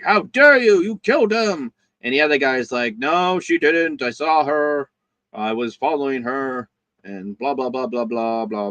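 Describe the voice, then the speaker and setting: A man hosting a casual review, rambling and halting, with lots of fillers and restarts. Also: mid-range voice, a bit bright, no room sound. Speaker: host, show reviewer.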